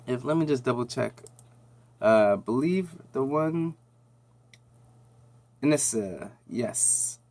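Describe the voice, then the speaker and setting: A man's voice: mid-range voice, animated, slow pace, pauses often, a little mellow. A man hosting a nerd news channel, giving a casual, slangy, rambling recap of a TV episode with lots of fillers.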